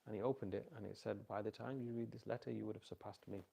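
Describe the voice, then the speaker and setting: A man's voice: fairly low pitch, fast, creaky, breathy edge. A middle-aged man giving an informal religious talk on parenting to a live audience, telling stories and quizzing listeners with repeat-back questions. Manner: storytelling with animated quoted voices.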